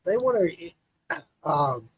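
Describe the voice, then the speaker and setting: A man's voice: on the high side, big pitch swings, takes it slowly, slight background noise, rough recording. A man hosting a casual livestream chat, laid-back and joking, cursing freely. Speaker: livestream host.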